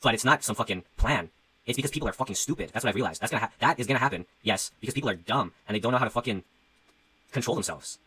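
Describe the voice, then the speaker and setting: A man's voice: mid-range voice, expressive, racing, pushed and bright, breathy edge, dry recording, low-quality recording. A young man who talks casually and profanely as he rambles on a livestream, reading out donations and musing about his music. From Canada.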